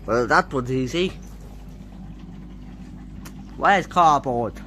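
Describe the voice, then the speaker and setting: A performer narrating a playful toy story in an excitable way, with added sound effects. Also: mid-range voice, extremely slow, a little hiss or hum.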